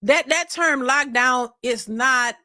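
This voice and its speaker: A woman's voice: high voice, slow, pushed and bright, dry recording, studio quality. A woman hosting a casual reaction commentary, ranting emphatically with profanity and frequent repeated words. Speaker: host.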